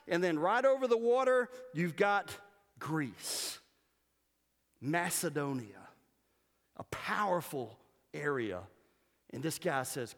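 A man preaching a sermon as pastor, animated and humorous, mimicking voices to make his points. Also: sits high, measured pace. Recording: long reverb of a church hall.

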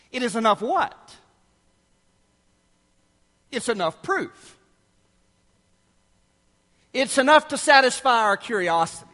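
A male preacher with a high, lively voice delivers a sermon in a church hall. He tells stories animatedly and acts out the quoted lines. His voice rings with a long echo. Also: measured pace, long pauses. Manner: animated storytelling, acting out quotes. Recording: echoey hall.

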